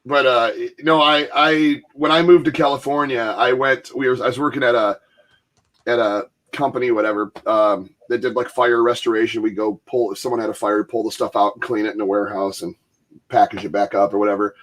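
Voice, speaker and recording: A man's voice: mid-range voice, fairly even intonation, a little fast, fairly bright tone. Laughing man in casual chat. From Michigan, US. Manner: rambling, laughing, acts out quoted voices. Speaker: podcast host.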